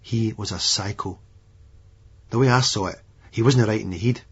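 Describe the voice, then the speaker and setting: Husky Edinburgh man narrating. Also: fairly low pitch, normal speed, fairly bright tone. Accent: Scottish, Edinburgh. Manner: blunt, foul-mouthed first-person storytelling. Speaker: audiobook narrator. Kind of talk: unabridged audiobook narration. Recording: dull lo-fi remastered audiobook recording.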